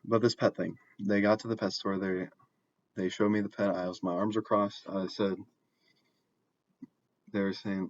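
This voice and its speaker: A young man telling a personal story in a casual, halting way, often restarting and filling pauses. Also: on the low side, flat delivery, dull audio. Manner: halting, self-correcting, frequent fillers.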